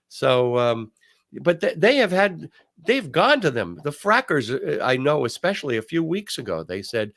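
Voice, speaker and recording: An older man hosting a talk show, telling stories and giving commentary in an emphatic, animated way. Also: a little high, normal speed. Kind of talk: casual commentary.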